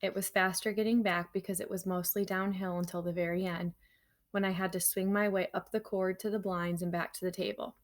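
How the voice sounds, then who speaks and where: A teacher reads a children's novel aloud to her class, telling the story in a lively way and stopping now and then for casual asides to the students. Her voice is on the low side and a little fast.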